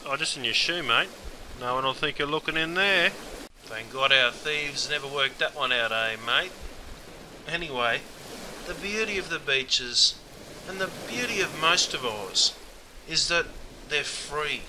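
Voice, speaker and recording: A man's voice: fairly high pitch, animated, a little slow, noisy background. An Australian man narrating a comic script, chummy and calling the listener mate all the time. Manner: chummy, says mate constantly. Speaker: narrator and host.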